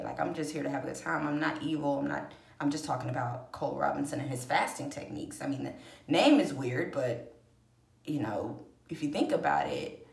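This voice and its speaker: A woman's voice: sits low, creaky. A woman vlogger telling a personal story in a casual, rambling, emotional way, acting out the voices she quotes. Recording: echoey room.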